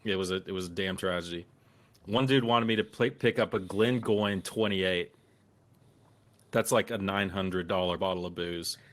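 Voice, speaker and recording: Profane, animated man telling stories. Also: deep voice, moderate pace. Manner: animated, profane anecdote-telling with acted-out quotes. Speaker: occasional co-host. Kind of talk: casual podcast storytelling.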